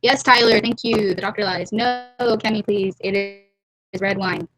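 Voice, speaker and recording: A young woman hosting a casual drawing livestream from a warm room at home, rambling and giggly, often trailing off into mumbles, on a laptop webcam mic. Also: mid-range voice, steady tone, normal speed, over music, rough recording. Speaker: livestream host. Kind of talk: casual chat while drawing.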